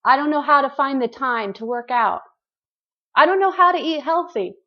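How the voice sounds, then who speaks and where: A woman's voice: high-pitched, expressive, normal speed, lo-fi sound. A woman hosting a group call and giving an earnest, preachy motivational talk straight to her listeners.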